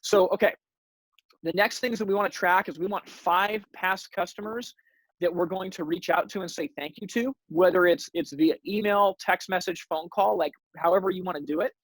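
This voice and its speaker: With a high voice at a normal speed, a man hosts a sales training webinar and coaches the audience energetically, often repeating words when starting a sentence. There's no room sound, but the recording is rough.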